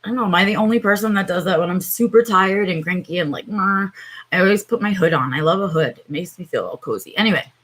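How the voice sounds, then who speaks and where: A tired woman hosts a casual morning livestream from home, talking straight into her computer mic. Her voice sits a little low and she fills her talk with ums as she greets viewers. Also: fast talker, few pauses, fairly bright tone. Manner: chatty, greets viewers by name, many fillers. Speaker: livestream host.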